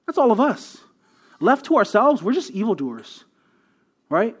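High, sing-song, and slightly breathy, a man's voice delivers a pastor's sermon at a measured pace. He speaks emphatically, repeating words while building a point and often ending with "right?"

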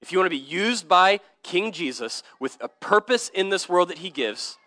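Bright, high-voiced man preaching earnestly. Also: expressive, normal speed, dry recording. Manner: earnest, emphatic, casual slang, often repeats words. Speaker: pastor. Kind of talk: sermon. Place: church service.

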